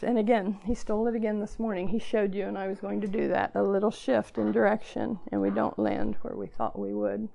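Older woman over sixty, earnest homespun preacher with a gravelly voice and a mellow tone. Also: medium pitch. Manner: earnest, self-deprecating, emotional at times. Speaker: speaker addressing girls at church gathering. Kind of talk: sermon.

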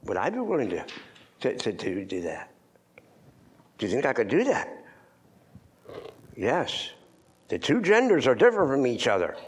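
An older man preaching in a church, moving between loud emphatic lines and hushed near-whispers. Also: medium pitch. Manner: old-fashioned scripture reading, repeats words for stress. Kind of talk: sermon.

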